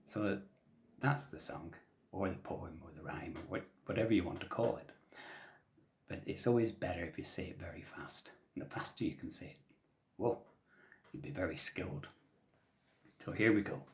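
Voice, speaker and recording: A man telling traditional stories to children in a gentle, soft-spoken way that often drops to a whisper. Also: low voice, normal speed. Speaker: traditional storyteller. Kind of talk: storytelling for children.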